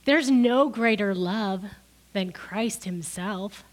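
A woman's voice: medium pitch, slow. A middle-aged woman preaching a sermon, crying as she gives an emotional testimony that builds to emphatic peaks.

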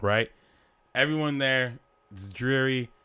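A man co-hosting a casual comedy podcast, joking and swearing, with a slightly rough voice. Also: medium pitch, slow, pushed and bright. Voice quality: voice a bit rough. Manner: joking, profane, laughs often. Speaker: podcast co-host.

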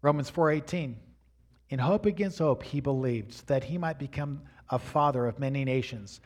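Middle-aged male pastor, sermon, fairly high pitch, dynamic delivery, addresses the congregation. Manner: dynamic preaching, rising to near shouts at the peaks. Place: church sanctuary before a congregation.

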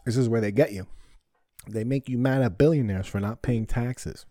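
A man's voice: mid-range voice, normal speed, dark tone, no echo. A man hosting a podcast, ranting heatedly with lots of swearing and rhetorical questions. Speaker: podcast host. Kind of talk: ranting solo podcast talk.

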